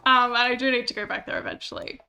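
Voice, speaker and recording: A woman's voice: on the high side, big pitch swings, quick pace, gravelly, bright, forceful tone. A woman streaming a game, chatting casually and mocking herself, swearing when annoyed. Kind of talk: casual gameplay chat.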